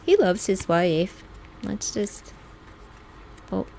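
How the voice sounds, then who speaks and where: Slow-talking woman giving a chatty tarot reading. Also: medium pitch, sing-song, gravelly, mellow, slight background noise. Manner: chatty, laughs often, acts out quoted lines; slow, drawn-out talk. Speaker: tarot reader.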